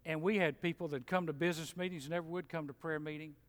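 A middle-aged man preaching a sermon in a church, folksy and animated, mimicking grumblers. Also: a little high, fast talker. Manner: animated, folksy, mocks complainers in mimicking voices. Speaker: pastor. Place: church sanctuary. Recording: long hall reverb.

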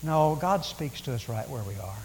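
Preacher in a reverberant hall. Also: male voice, mid-range voice, lively intonation, normal speed, darkish tone, a little hiss or hum. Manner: conversational preaching with stammered restarts and dramatic paraphrase. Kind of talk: sermon.

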